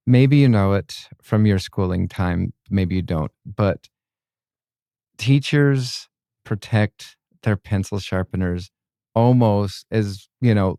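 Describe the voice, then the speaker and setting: Teacher guy on a podcast, lowish voice, dry close sound, tells stories doing the kids' lines. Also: vocal fry, dark tone, no room sound. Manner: storytelling, acting out kids' lines. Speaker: podcast host and schoolteacher. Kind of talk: casual podcast chat.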